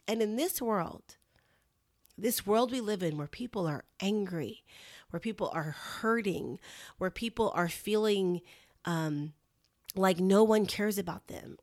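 A woman's voice: mid-range voice, dry recording, clean studio sound. A middle-aged woman, giving earnest, candid encouragement in a casual talk to listeners. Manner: earnest and candid, addresses listeners as "y'all" and "you guys". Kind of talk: casual heartfelt talk to camera.

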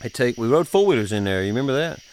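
Rapid-fire and animated, this mid-range, darkish voice belongs to a middle-aged father hosting a podcast. He tells family stories in a casual chat, folksy and drawling, laughing often. There's a little hiss or hum.

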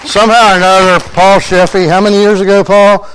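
A man's voice: sits high, flat delivery, fairly quick, fairly bright tone, a faint crowd, a little hiss or hum, poor audio. A man introducing a church member at a service in a folksy, encouraging way.

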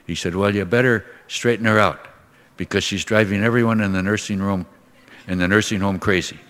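An older priest from Minnesota, USA, delivers a storytelling sermon in a folksy, conversational way, acting out the voices in his stories. His fairly low voice is steady in tone, a bit bright, and fairly quick, trailing a long reverb tail.

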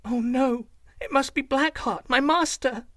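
A man voicing a young slave girl in a storybook tale, speaking in a high, excitable way. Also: normal speed, no room sound, clean studio sound, heavily acted. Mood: frightened.

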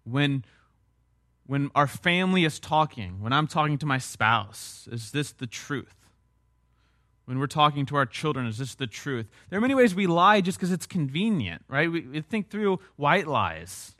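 A man's voice: a little high, big pitch swings, normal speed, bright, forceful tone, dry recording. Earnest male pastor preaching, dry sound. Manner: earnest, repetitive emphatic phrasing with rhetorical questions. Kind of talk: sermon.

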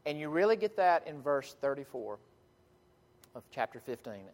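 A man preaching a sermon in earnest, emphatic tones, with dramatic pauses and frequent restarts, in a church sanctuary. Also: fairly high pitch, sing-song, darkish tone. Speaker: pastor. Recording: long hall reverb.

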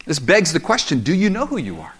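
A man's voice: on the high side, wildly swooping pitch, quick pace, fairly bright tone, husky. A middle-aged man preaching a sermon as a pastor, conversational and humorous, telling self-deprecating stories.

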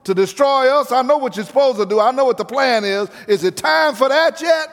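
Frantic demon, high strained shrieks, done by a male preacher, big reverb. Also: animated, a little fast, a bit bright, heavily acted.

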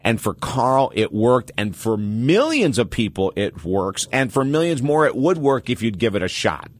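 A man's voice: mid-range voice, normal speed, dry recording. Dry-voiced, emphatic male advice host. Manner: animated storytelling, emphatic repetition. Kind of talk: call-in advice talk.

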